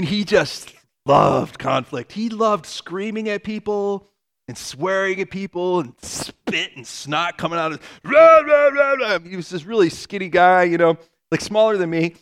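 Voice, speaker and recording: High-voiced pastor preaching conversationally. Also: male voice, a little slow, creaky, a bit bright. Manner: conversational, earnest, with asides and laughs. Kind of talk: sermon.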